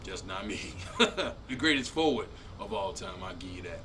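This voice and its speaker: A man hosting his own comedy show, ranting and laughing in a loose, animated way, jumping between loud outbursts and low mutters. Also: moderate pace, slight background noise. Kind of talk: stand-up style commentary rant.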